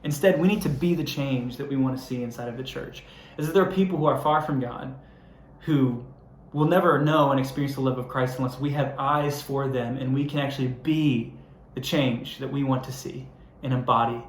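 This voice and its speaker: A young man preaches a sermon in a relaxed, conversational style, poking fun at himself before building to earnest appeals. His voice sits at a middle pitch. A roomy church hall echo surrounds him. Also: moderate pace, a little hiss or hum. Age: young adult. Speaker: young adults pastor.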